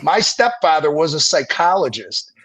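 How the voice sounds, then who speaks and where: A middle-aged man, a veteran and former firefighter, telling stories in a casual interview, animated and profane, acting out the people he quotes. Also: fairly high pitch, moderate pace, breathy edge, low-quality recording.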